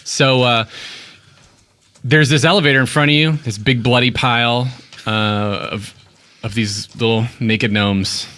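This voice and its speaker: Bright-toned man narrating as game master. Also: medium pitch, fairly even intonation. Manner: rambling, halting, lots of filler words.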